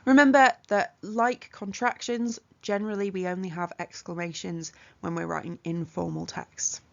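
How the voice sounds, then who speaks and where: A woman teaching an exam revision lesson, explaining punctuation rules clearly and methodically with examples. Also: lowish voice, steady tone, normal speed, muffled recording. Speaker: English tutor.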